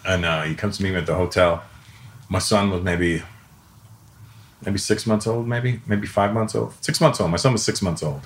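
A man's voice: sits low, normal speed. A middle-aged man, hosting a podcast, telling stories casually and laughing along the way. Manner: animated, laughs through stories. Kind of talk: casual storytelling.

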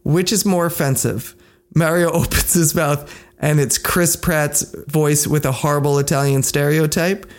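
A man's voice: on the high side, steady tone, moderate pace. A man co-hosting a podcast, sarcastic and teasing in casual banter. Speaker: podcast co-host.

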